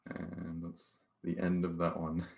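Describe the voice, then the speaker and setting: A man's voice: low voice, monotone, takes it slowly, creaky. A man reading his comics aloud in an offhand way over a video call. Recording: dull lo-fi call audio.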